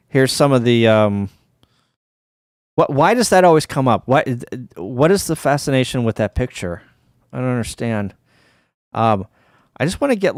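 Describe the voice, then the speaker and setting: A man's voice: medium pitch, no room sound, clean studio sound. A middle-aged man hosting a casual livestream, tired and rambling, with lots of ums, restarts and wry asides. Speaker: ham radio livestream host.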